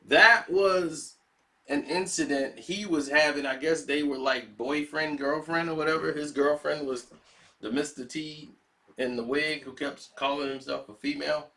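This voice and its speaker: Animated man telling a wild story. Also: on the high side. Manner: animated, laughing often, playing the characters. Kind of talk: casual anecdote.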